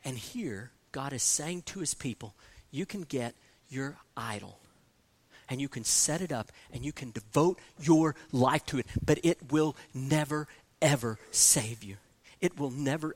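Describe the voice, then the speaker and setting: A man preaching a sermon, repeating key phrases and swinging from soft, low passages to loud, emphatic ones. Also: animated, unhurried.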